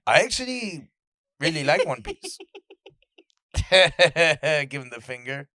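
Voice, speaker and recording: A man's voice: fairly high pitch, very animated, measured pace, pushed and bright, no room sound, studio quality. A young man co-hosting a casual chat with his sister, joking, swearing freely and acting out his stories. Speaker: podcast co-host.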